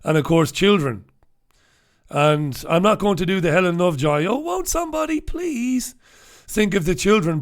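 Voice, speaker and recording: A man's voice: a little high, fairly bright tone. A middle-aged man, hosting a casual, humorous newspaper review, full of irreverent swearing and chuckling asides.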